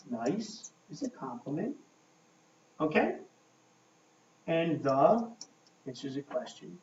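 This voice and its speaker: Slow-talking male English teacher, echoey room. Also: on the high side, darkish tone. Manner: slow, checking in with frequent "okay?". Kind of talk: grammar lesson at a board. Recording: echoey room, mic far off, dull lo-fi sound.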